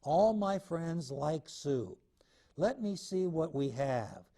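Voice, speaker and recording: A man voicing Little Bear, an eager little boy bear cub, in a high sing-song storybook voice. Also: big pitch swings, takes it slowly, dark tone, full character voice.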